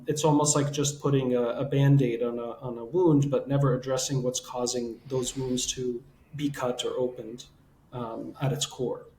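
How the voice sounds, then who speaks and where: A man hosting a podcast, a counselor explaining relationship advice in a reflective, measured way. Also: medium pitch, darkish tone, a little hiss or hum. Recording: echoey room with faint ambience.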